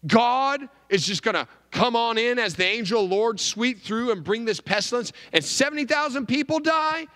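A man voicing a skeptic who is outraged and accusing, pitched well above his usual voice. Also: animated, moderate pace, few pauses, bright, forceful tone, in a large hall, exaggerated voice. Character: indignant male skeptic of faith.

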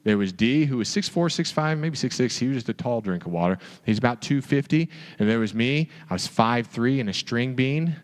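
A man preaching a sermon as a pastor, telling the story in an animated way and asking the listeners rhetorical questions. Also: medium pitch, brisk, hardly any pauses, big-room sound.

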